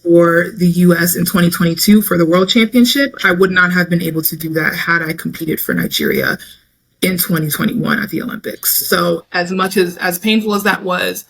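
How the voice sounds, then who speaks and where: A young woman in a casual interview, talking about her experiences in a chatty, animated way, acting out quotes as she goes. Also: on the low side, moderate pace, gravelly. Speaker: interview guest, Olympic hammer thrower.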